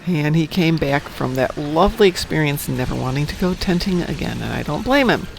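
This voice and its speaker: A chatty woman streamer telling stories while she plays. Her voice is gravelly with plenty of fry, and it swings up and down lively. She cheers at the game between tales. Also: low voice, fairly quick, soft background music. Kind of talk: casual chat while gaming.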